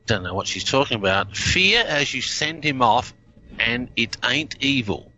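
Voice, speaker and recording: A man's voice: medium pitch, lively intonation, measured pace, bright, forceful tone, muffled recording. A man with an Australian accent hosting a casual chat, thinking aloud and often restarting his sentences. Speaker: host.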